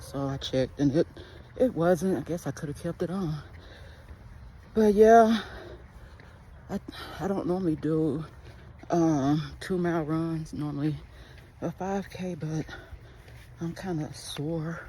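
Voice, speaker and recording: A woman's voice: low voice, unhurried, pauses often, low-quality recording. Woman, casual vlog, rambling phone-camera chat, music behind her. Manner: chatty and rambling, talks straight to camera. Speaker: vlogger and small business owner. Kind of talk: casual day-in-the-life vlog.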